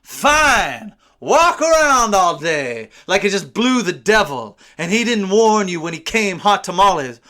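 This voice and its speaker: Bright, high-voiced male slam poet. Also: sing-song, a little slow, few pauses. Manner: declamatory, swings between low asides and loud bursts. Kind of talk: spoken word poetry performance.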